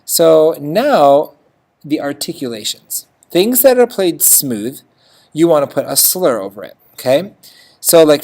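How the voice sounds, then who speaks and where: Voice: mid-range voice, sing-song, a little slow, a little mellow. Chatty music teacher checking in with "okay?". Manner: chatty, checks in with frequent "okay?", sings notes. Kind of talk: screen-recorded notation lesson.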